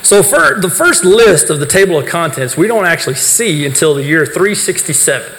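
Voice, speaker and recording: A man whose voice is on the high side and a bit bright gives a talk to a youth group. He explains his points, asks the listeners questions, and answers them himself, heard in a reverberant hall with faint background noise.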